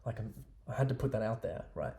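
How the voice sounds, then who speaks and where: A man's voice: fairly low pitch, lively intonation, fast, vocal fry, warm tone. A man talking casually to camera as a dating coach, loose and chatty, often checking in with "right?". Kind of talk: casual advice talk to camera.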